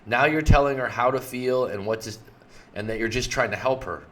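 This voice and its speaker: A man's voice: mid-range voice, fairly quick. A male relationship coach giving an explanatory talk, plainly walking the listener through example conversations.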